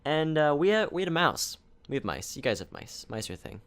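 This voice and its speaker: A young man co-hosting a podcast over a voice call, telling rambling, animated stories. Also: on the high side, fairly quick. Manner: rambling, animated, acts out family members. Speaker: podcast co-host. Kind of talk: casual chat, storytelling.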